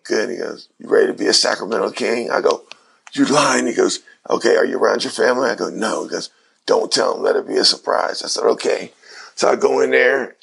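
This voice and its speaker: A man's voice: medium pitch, vocal fry, a bit bright, slightly rough. A middle-aged man, a former basketball player, telling his story in an interview, acting out the voices of people he quotes.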